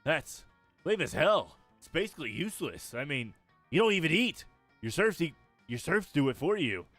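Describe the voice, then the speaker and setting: A man's voice: on the high side, very animated, normal speed, a bit bright, no room sound, soft background music. A man doing a brash, hot-headed young demon. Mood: scornful.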